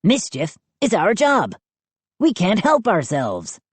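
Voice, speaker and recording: A woman's voice: medium pitch, huge pitch swings, slow, slightly rough, no room sound, heavily acted. A woman doing Chip, a cheeky mischief gnome. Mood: insistent. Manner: repeats himself, matter-of-fact.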